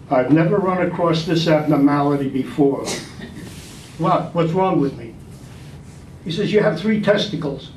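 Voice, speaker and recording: An older man telling a joke to a club audience, steady and voicing the dialogue. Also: on the high side. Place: large room at a club meeting. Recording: echoey hall from far off, faint noise.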